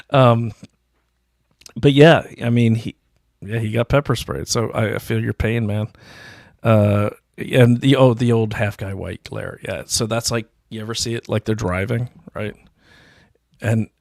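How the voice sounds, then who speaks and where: Low gravelly man chatting on a livestream. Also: no room sound, studio quality. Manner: rambling, self-deprecating, chuckling. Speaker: livestream host. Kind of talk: casual livestream chat reading comments. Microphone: desk mic, self-produced stream.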